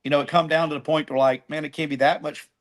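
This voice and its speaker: A man's voice: a little high, fast talker. Middle-aged man telling a story. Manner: animated, acts out phone calls. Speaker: guest, barbecue team cook. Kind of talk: casual storytelling.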